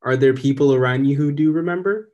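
A man's voice: medium pitch, quick pace, a little mellow, muffled recording, pitched above the performer's own voice, lightly acted. A young man reading the part of a kind, encouraging female teacher in a storybook.

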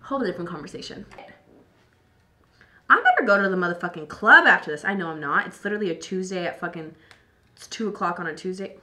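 Young woman vlogger, tipsy and slightly hoarse, bright-voiced, chatty and profane. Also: fairly low pitch, expressive, fast, pauses often. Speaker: beauty vlogger. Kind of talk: tipsy casual chat while doing makeup.

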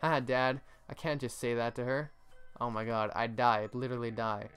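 A man voicing a shy, gentle teenage reindeer girl from a video game. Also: medium pitch, flat delivery, a little fast, smooth, soft background music, lightly acted. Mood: sheepish.

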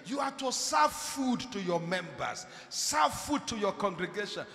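A man preaching a dramatic sermon, swinging from shouts to hushed tones and calling out to the congregation. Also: high-pitched, sing-song, unhurried, gravelly. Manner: calls out to the congregation. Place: church hall. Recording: echoey church hall.

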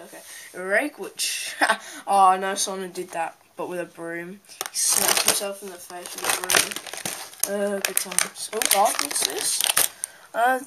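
Chatty woman vlogger for a home toy unboxing, rambling commentary, picked up by the camera's own mic with loud noise and crinkling packaging. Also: medium pitch. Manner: rambling, chatty, talks while handling things. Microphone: handheld camera's built-in mic.

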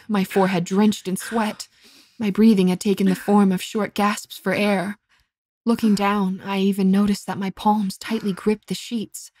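A woman tells a first-person horror story in a measured, dramatic way. Her voice is mid-range and a little mellow.

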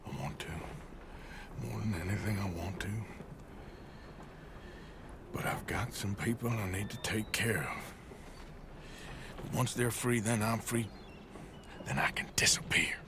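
Arthur Morgan, a weary outlaw. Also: male voice, fairly low pitch, a little slow, pauses often. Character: weary male outlaw, gruff and guarded. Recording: game audio with noisy ambience.

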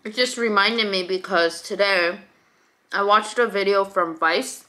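A woman's voice: mid-range voice, unhurried, sharp tone. A young woman hosting a mukbang, chatting casually and confidingly to viewers while she eats, with frequent laughs. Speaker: mukbang host.

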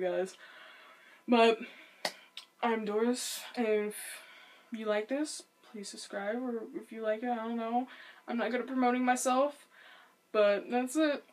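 A woman chatting casually as she reacts to a friend's video, giggly and quick to apologize. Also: mid-range voice, fairly even intonation.

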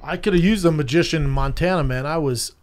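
A man with a slightly high voice talks fast while co-hosting a podcast. He tells stories in casual banter, profane and animated.

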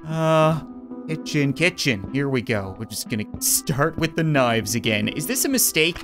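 A man's voice: fairly high pitch, sing-song, measured pace. A man commentating a horror game let's play, sarcastic, jumpy and self-deprecating, cracking jokes about his job. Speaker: gaming YouTuber. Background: game music.

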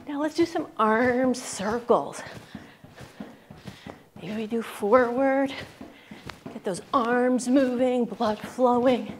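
An upbeat woman with a slightly high voice coaches a rebounding workout, calling out cues and counting down reps. She speaks in an unhurried, drawn-out way while bouncing along herself. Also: slight background noise. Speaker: fitness instructor.

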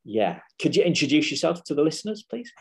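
A man's voice: on the high side, very animated, quick pace, slightly rough. A man hosting a podcast interview, speaking with frequent restarts and fillers. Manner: hesitant, many restarts. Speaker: podcast host.

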